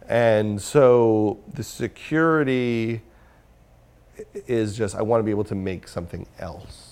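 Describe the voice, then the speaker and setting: Gravelly low-voiced man, candid and self-critical. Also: a little mellow. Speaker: interview guest, filmmaker and comedian. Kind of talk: candid conversational interview.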